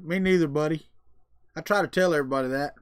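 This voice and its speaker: A man's voice: fairly high pitch, fast talker, clear, resonant tone, no room sound, studio quality. A man with a Southern US accent hosting a casual livestream, chatting with viewers in a folksy, joking way. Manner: folksy, drawling, jokey. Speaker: livestream host. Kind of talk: casual chat with live viewers.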